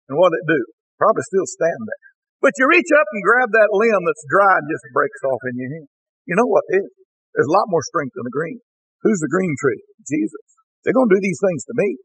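An older man preaching a sermon as pastor, emphatic, with a husky voice, raising his pitch for stress and acting out the voices of others. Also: fairly bright tone, slight background noise, rough recording.

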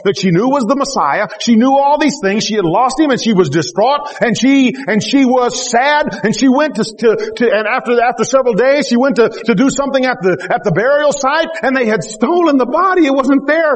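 A man's voice: high voice, big-room sound. A man preaching a sermon, reading scripture aloud and then exhorting animatedly with emphatic rhetorical questions. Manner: animated, rising to emphatic exclamations.

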